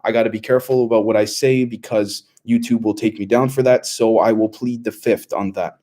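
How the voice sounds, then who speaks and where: A man's voice: on the low side, steady tone, a little fast, warm tone. A young man hosting a casual livestream, reading out chat questions and answering in a loose, rambling way with many fillers.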